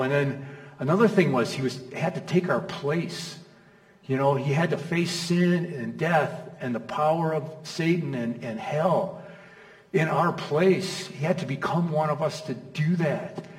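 A middle-aged man preaching a sermon in an easygoing, chatty way, firing off rhetorical questions and checking in with the crowd. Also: a little high. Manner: conversational, stacks rhetorical questions, checks in with "okay?" and "you know?". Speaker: pastor. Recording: echoey hall, mic from far off.

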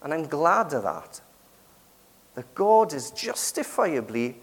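A man's voice: fairly high pitch, big pitch swings, slow pace, husky. A middle-aged man with a British accent preaching a sermon in a conversational way, often asking the congregation questions. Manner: conversational, asks the congregation questions with frequent tag questions. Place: church. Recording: long reverb of a church hall.

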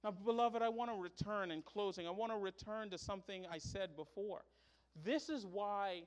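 A middle-aged man preaching a sermon as pastor, telling stories with sudden loud, high bursts. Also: normal speed.

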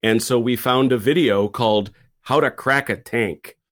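A man's voice: medium pitch, measured pace, a bit bright. A man in casual podcast chat who tells a rambling story and often stops and restarts his phrases. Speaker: podcast panelist.

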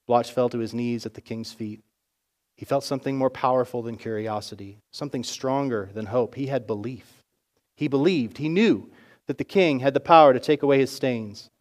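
A man's voice: mid-range voice, moderate pace. Man telling a sermon story. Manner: expressive storytelling narration. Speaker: pastor.

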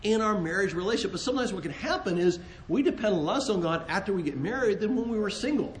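Brief: high-pitched man, earnest Christian marriage talk with jokes, roomy echo. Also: fast, slight background noise. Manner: earnest and animated, joking, with repeated restarts. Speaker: co-host, married couple ministry.

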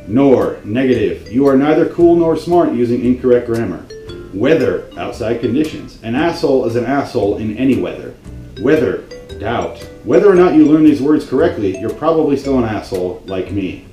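A man's voice: mid-range voice, warm tone, echoey room, rough recording. A man hosting a video, delivering a comedic grammar rant that is profane, exasperated and sarcastic. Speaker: video host.

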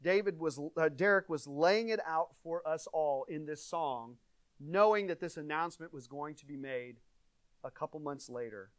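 Guy pastor preaching, kinda high voice, dry close mic, gets loud then goes real quiet. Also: moderate pace, no room sound. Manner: earnest, conversational preaching with dynamic swings in volume. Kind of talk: sermon.

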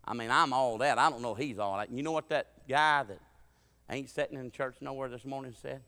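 A man preaching a sermon with humorous stories, folksy and full of dialect, swinging from loud preaching to quiet asides. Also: mid-range voice, a little fast. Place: church sanctuary. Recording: reverberant church sanctuary.

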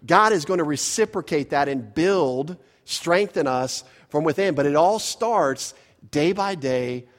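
A man's voice: fairly high pitch, lively intonation, a little slow, big-room sound. A man preaching a sermon as a pastor, teaching earnestly and driving home his points with rising emphasis.

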